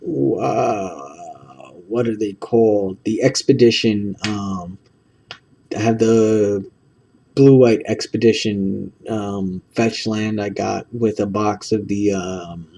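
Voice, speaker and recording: A man rambles through a stack of trading cards, stopping for ums and second thoughts. His voice is gravelly and dark. The mic sits some distance away. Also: fairly low pitch, fairly even intonation, slow. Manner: rambling, full of ums and self-corrections. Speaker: card-opening video host. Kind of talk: casual card-opening commentary.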